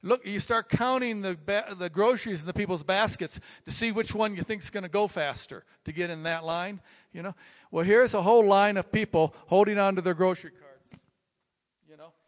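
Fairly high-voiced older man preaching. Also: moderate pace. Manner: rambling, repeats words, animated when telling stories. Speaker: pastor. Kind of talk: sermon-style personal storytelling. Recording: long reverb from a large hall.

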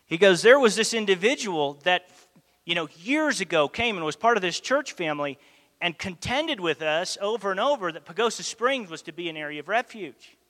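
A high-pitched man at a moderate pace gives a sermon, the sound washed in long hall reverb. He narrates a story with animation, acting out the dialogue within it.

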